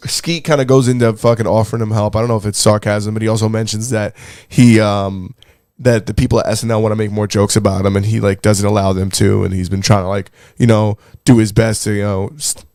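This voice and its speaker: A man co-hosting a podcast, chatty and quick to crack up, in casual banter. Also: lowish voice, flat delivery, a little mellow, clear, resonant tone, no echo, studio quality. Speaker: podcast co-host.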